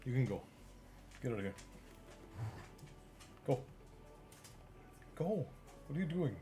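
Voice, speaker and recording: A man's voice: medium pitch, sing-song, slow, dark tone, soft background music. A young man streaming, reading a novel aloud and chatting casually, teasing his pets. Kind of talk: audiobook-style narration and casual stream chat.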